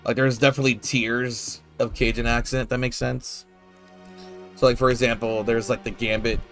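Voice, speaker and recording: A man's voice: medium pitch, flat delivery, moderate pace, fairly bright tone, soft background music. A man casually commenting while playing a video game, rambling and laid-back with lots of fillers and the odd swear word. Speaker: gameplay streamer.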